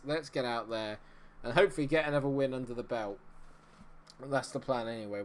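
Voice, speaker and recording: A young man giving casual, rambling commentary while he plays a football management game, with excitable bursts. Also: on the low side, a little hiss or hum. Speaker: gaming video host.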